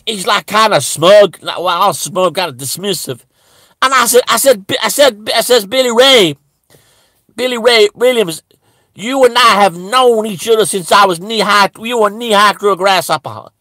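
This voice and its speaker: A man's voice: sits high, normal speed, pushed and bright, dry recording. A man playing a rambling, bigoted churchgoing man in a satirical monologue, stammering and restarting almost every phrase. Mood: aggrieved. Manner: stammering, with constant restarts and repeated words.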